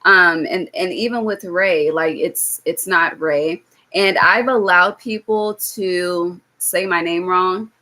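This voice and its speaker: A woman's voice: lowish voice, slow pace, bright, forceful tone. A young woman giving a casual live-stream tarot reading, blunt and swearing freely, often checking in with "okay?". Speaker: tarot reader.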